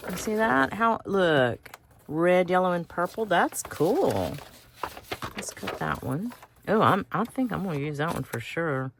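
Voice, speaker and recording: A woman's voice: lowish voice, lively intonation, unhurried, creaky, background noise. A woman hosting a craft video, chatting casually and thinking aloud as she cuts out pictures.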